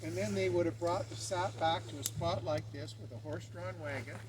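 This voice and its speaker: Canadian tour guide, male, high-pitched, talks to a group outdoors over loud background noise. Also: fairly quick. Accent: Canadian English. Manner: explanatory, asks the group questions. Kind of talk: outdoor group demonstration talk. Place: outdoors at a sugar bush.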